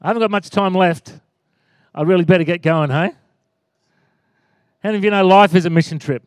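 A man, preaching a sermon as pastor, animated and calling out for amens. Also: high voice, brisk, clear, resonant tone, no room sound, studio quality. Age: 40s. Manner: animated, rising to loud exclaims and calls for amen.

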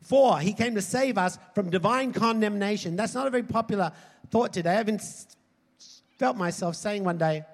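Animated preacher man in a reverberant hall. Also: fairly quick. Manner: animated, swings from loud emphasis to low asides. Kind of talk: sermon.

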